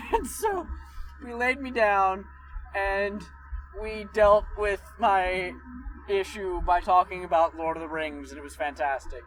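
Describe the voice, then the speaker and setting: Lively storytelling man in a car. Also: high-pitched, unhurried, faint music behind, rough recording. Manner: lively storyteller who acts out quotes. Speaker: podcast co-host. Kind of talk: casual chat, telling a funny story. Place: inside a car on a road trip.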